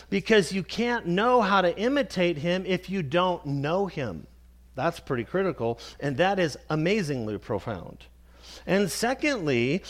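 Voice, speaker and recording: A male pastor preaching a Sunday sermon, slow and emphatic, repeating key phrases and addressing the congregation as beloved. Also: sits high.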